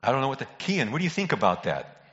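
Folksy older preacher in a reverberant church. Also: male voice, medium pitch, big pitch swings, fast talker, a bit bright. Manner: folksy joke-telling preacher who calls out to congregation members. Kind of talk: sermon. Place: church sanctuary. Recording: dull recording in a reverberant hall.

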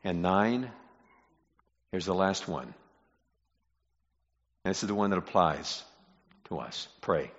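A man preaching a sermon, moving from quiet, low-voiced reflection to loud, emphatic repetition of key lines. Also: lively intonation, slow pace, pauses often. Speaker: pastor. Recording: muffled sound in a reverberant hall.

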